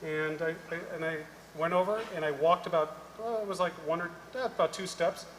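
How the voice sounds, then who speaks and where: Male panelist, lively storyteller, higher-pitched, roomy hall sound. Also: fairly quick. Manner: animated storyteller acting out dialogue. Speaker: conference panelist. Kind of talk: storytelling talk on stage. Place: large conference hall. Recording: echoey hall, faint noise.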